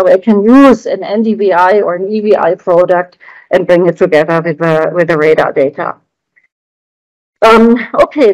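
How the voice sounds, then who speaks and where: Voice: medium pitch, darkish tone, dry recording, low-quality recording. A researcher giving a conference presentation, explaining graphs on slides in a hesitant, word-searching way.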